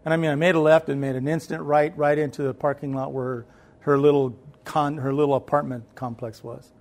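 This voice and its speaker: A man telling a personal story as a guest, animated and conversational, acting out the voices in it. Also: fairly high pitch. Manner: conversational, with repeated fillers and restarts.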